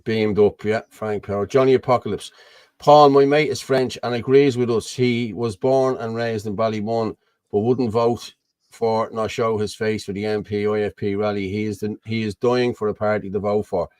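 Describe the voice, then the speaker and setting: A man's voice: lowish voice, steady tone, moderate pace, darkish tone, clean tone, no echo. An Irish man hosting a casual political chat over a video call, rambling and blunt, often asking "you know what I mean". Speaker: host.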